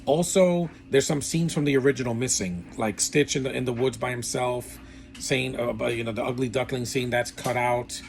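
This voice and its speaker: A man's voice: mid-range voice, fairly even intonation, normal speed, gravelly, a little hiss or hum. A man giving a casual, rambling film review with blunt opinions and lots of fillers. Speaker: movie reviewer.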